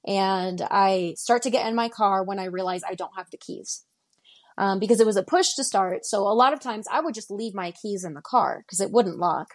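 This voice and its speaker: A woman's voice: mid-range voice, normal speed. Guest: woman in her twenties from Denver, recounting events in present tense and voicing each line of dialogue. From Denver, Colorado. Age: 20s. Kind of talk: recounting a personal story.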